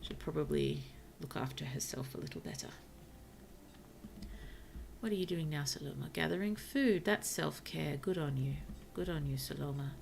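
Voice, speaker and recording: Soft, gravelly-voiced woman streamer. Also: sits low, moderate pace, slight background noise. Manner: soft-spoken, gentle, often drops to a whisper. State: tired, yawning. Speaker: virtual streamer. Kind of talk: casual gameplay commentary to chat.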